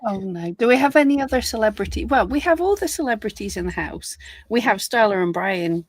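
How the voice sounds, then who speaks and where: A woman's voice: medium pitch, animated, brisk, no echo. A Scottish woman co-hosting a live chat, friendly and self-deprecating, laughing often. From Scotland. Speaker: co-host of a live Q&A stream. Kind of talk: casual chat.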